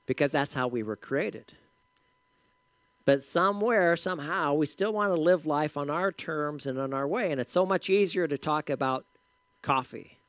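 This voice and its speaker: Guy preaching, chatty storyteller vibe, kinda high voice, dry sound. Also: normal speed, fairly bright tone, dry recording. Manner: conversational, storytelling with asides. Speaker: pastor. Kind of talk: sermon.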